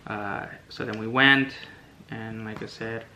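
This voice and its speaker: A young man chatting casually on a vlog with his partner, relaxed and a little hesitant, often trailing off. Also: on the low side, slow pace, slight background noise, rough recording. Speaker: vlogger telling a story with his partner. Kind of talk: casual storytime chat.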